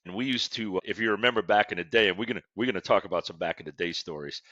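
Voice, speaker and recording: A man's voice: lowish voice, rapid-fire, pushed and bright, no room sound, lo-fi sound. A man, hosting a podcast and telling stories between laughs. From Westbank of New Orleans. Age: 60s. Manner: storytelling, laughs often. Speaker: podcast host. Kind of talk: casual interview chat.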